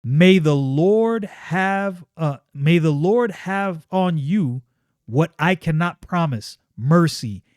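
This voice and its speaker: A man's voice: on the high side, lively intonation, slow, darkish tone, no room sound, clean studio sound. A man reading a stern ranch wife. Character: fierce middle-aged ranch wife defending her home.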